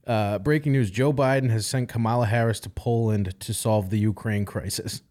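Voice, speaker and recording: A man's voice: lowish voice, steady tone, normal speed, a little mellow. Laid-back co-host man. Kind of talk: talk radio banter.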